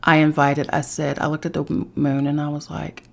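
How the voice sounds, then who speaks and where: A woman hosting a podcast, telling a personal story in a casual, animated way and swearing freely. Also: deep voice, fairly quick, gravelly. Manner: animated, swearing, acts out voices of others. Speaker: podcast host.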